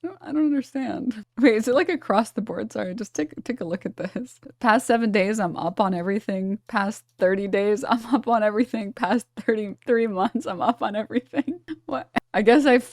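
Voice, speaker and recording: A woman's voice: fairly high pitch, moderate pace, a little mellow, no room sound, studio quality. A woman streamer reacting to clips in casual, profane, mocking chat with her viewers.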